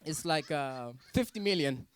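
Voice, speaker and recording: A man's voice: on the high side, lively intonation, unhurried, clear, resonant tone. A man from Africa doing a stand-up comedy set at a student talent show, teasing the crowd and judges with mock outrage.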